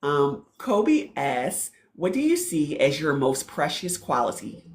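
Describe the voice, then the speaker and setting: A woman's voice: sits low, big pitch swings, slow pace. A woman from Baltimore hosting a podcast, asking audience questions and affirming her guest's answers. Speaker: podcast host. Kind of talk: casual interview chat. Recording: roomy echo.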